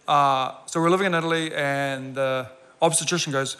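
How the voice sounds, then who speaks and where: A man's voice: fairly high pitch, fairly even intonation, normal speed, sharp tone, slight background noise. A man in his forties preaching a sermon with a personal story, earnest and building to emphatic repeated lines. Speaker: pastor. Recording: long reverb of a large hall.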